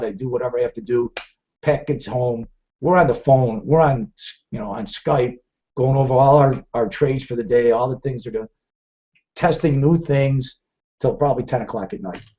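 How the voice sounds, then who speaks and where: In dull, lo-fi audio, a middle-aged man hosts a live trading show, drifting between anecdotes, rambling freely and often starting sentences over. His medium-pitched voice is warm, and he speaks at a moderate pace.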